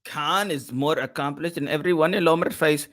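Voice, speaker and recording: A man's voice: a little high, moderate pace, fairly bright tone. A man hosting a boxing podcast who talks in a casual, joking live-stream chat and laughs and teases often.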